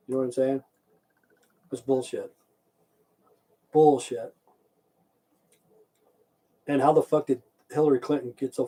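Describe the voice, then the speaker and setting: A mellow, mid-range male voice comes through a rough recording as he rants casually on his livestream. He rambles and swears heavily, says "okay" over and over, and talks back to his stream chat.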